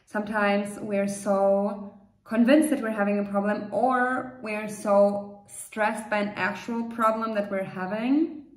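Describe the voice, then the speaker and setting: A woman coach talks the listener through a calm meditation, gentle and reassuring, with a loose, off-the-cuff flow. Her medium voice sits in a roomy, echoing space. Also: mid-range voice, slow pace. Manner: gentle, reassuring, unscripted with fillers. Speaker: manifestation coach. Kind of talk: guided meditation talk. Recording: roomy echo.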